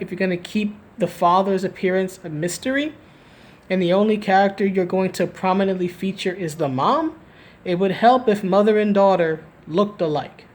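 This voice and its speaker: This woman has a fairly low, darkish voice. Speaking live from home, she offers loose opinions for a gaming video, wandering as she talks, starting her sentences over, and ending them with "right?".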